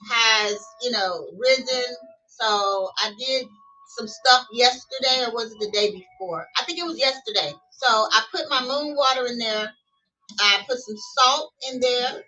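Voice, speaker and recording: Slow-talking folksy middle-aged woman. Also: a little high, bright, forceful tone. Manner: folksy, chatty, frequent laughs, calls viewers y'all. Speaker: vlogger. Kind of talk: casual spiritual chat to camera. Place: home room with TV and music playing. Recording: distant mic, faint music behind.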